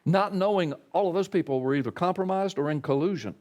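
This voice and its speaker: Guy who's a pastor, telling his story on an interview show, emphatic and animated. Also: high voice, fast. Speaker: pastor and radio talk guest.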